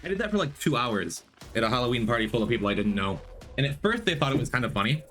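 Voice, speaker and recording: A man's voice: medium pitch, very animated, fast, fairly bright tone, faint music behind. A man streaming a game, chatting casually, rambling through a story and greeting viewers by name.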